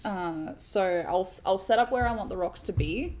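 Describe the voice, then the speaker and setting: A woman's voice: medium pitch, normal speed, a little mellow, slight background noise. A woman streaming while she crafts at home, chatting casually and rambling, with many fillers and restarts.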